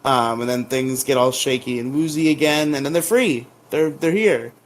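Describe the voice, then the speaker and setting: A man co-hosting a casual podcast, retelling episodes with filler words and quick high-pitched character impressions. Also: a little hiss or hum. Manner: lively retelling, jumps into exaggerated high voices for characters. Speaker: podcast co-host recapping episodes. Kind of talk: casual recap chat.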